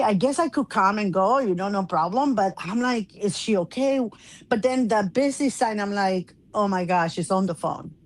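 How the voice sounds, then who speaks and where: A woman co-hosting a casual chat show, telling a story in an animated way and laughing often. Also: mid-range voice. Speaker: co-host.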